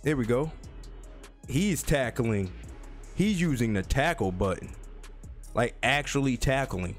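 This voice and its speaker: A man calls his own football video game match, trash-talking and jumping into high yelps. His mid-pitched voice swings widely and cracks now and then. Faint music sits under his commentary. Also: expressive, a little slow, pauses often. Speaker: gaming YouTuber. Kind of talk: live gameplay commentary.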